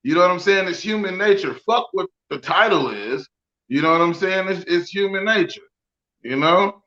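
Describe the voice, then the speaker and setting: A man's voice: sits high, expressive, normal speed, sharp tone, highs cut off. A man co-hosting a podcast in casual, profane chat, often asking "you know what I'm saying.". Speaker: podcast co-host.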